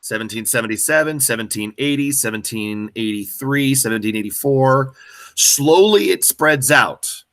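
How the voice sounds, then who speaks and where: A man explains a history essay question to classmates with a bright, animated voice that swings widely in pitch. He is patient and leads with questions. The recording is dry and close. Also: moderate pace, no echo. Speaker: student tutor.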